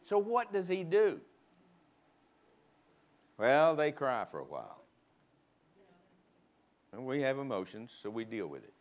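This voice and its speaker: A man preaching a sermon in a church, emphatic, leading the congregation in call-and-response and prodding them with quick asides. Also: medium pitch, very animated. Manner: emphatic, prods the crowd with "huh?". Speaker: guest preacher. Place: church sanctuary.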